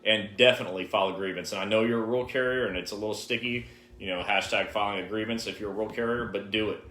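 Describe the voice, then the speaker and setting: Emphatic male co-host, low and roomy. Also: steady tone, racing, bright, forceful tone. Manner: direct, emphatic advice-giving. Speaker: co-host answering viewer questions. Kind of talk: live-stream Q&A chat. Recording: roomy, echoey live stream.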